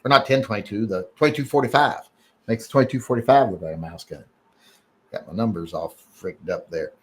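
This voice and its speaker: A man's voice: on the low side, fairly quick, fairly bright tone. Rambling man hosting a live chat. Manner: rambling, joking, many fillers and restarts. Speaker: host reading emails and live chat. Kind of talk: casual live-stream chat.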